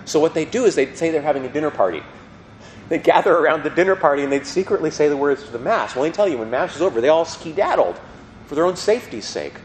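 A man's voice: on the high side, fast talker, slight background noise, low-quality recording. A man teaching a class in a conversational way, often checking in with his students. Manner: animated, conversational, asks students questions. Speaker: religion teacher. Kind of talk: classroom lecture.

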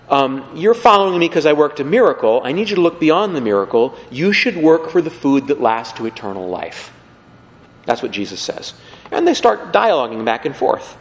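A man preaching a lively, conversational sermon, acting out the people he quotes. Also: on the high side, normal speed. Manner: animated, conversational, acts out quotes. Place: church. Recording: long hall reverb.

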